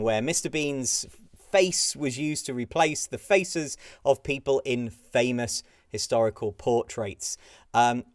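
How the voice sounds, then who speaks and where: A man runs through quiz answers in a relaxed, chatty way. He often hesitates with fillers and chuckles along. His voice sits in a middle pitch and the sound is dry and close, with no room echo. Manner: chatty, giggles at pictures, frequent fillers. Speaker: pub quiz host. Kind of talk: casual live-stream quiz answer run-through.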